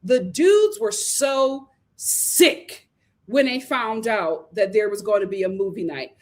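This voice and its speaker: A woman hosting a live recap show, animated and opinionated as she gives her commentary. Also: high-pitched. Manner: animated, opinionated, acts out quotes. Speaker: host.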